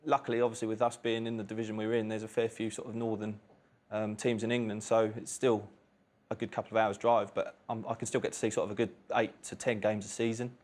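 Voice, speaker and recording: A man's voice: fairly low pitch, little pitch movement, quick pace, a little mellow. A man, a quiz contestant, chatting casually and hesitantly, with many fillers. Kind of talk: casual chat.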